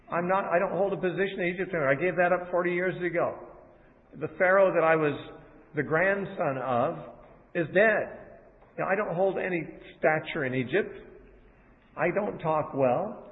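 A man teaching a sermon, paraphrasing scripture in a conversational way with fillers and restarts. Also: a little high. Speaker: Bible teacher. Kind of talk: expository sermon. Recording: tinny phone-like sound with long reverb.

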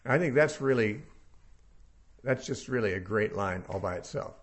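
A man's voice: fairly low pitch, animated, normal speed. Conversational male Bible teacher. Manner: conversational, thinking aloud with frequent fillers.

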